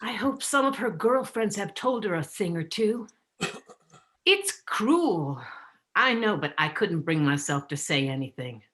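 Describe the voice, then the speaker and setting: A woman playing a middle-aged mother of the bride, speaking in a wistful, hushed, heartfelt way over a video call. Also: mid-range voice, expressive, unhurried.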